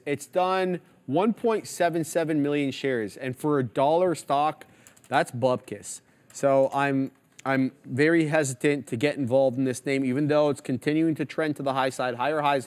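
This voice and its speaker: A man's voice: mid-range voice, normal speed. A man hosting a live trading show, giving casual, chatty market commentary as he walks through stock charts. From Canada.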